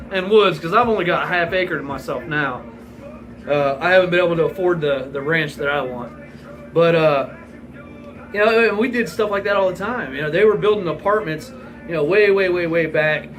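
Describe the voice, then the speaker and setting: Bright-voiced man telling a rowdy story. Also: sits high, rough recording. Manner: rambling, profane, laughs through the story. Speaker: vlogger. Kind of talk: casual storytelling.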